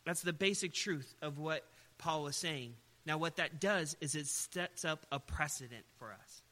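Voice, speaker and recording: A man's voice: fairly high pitch, unhurried, pushed and bright. A man preaching a sermon in an emphatic way, often putting rhetorical questions to his listeners.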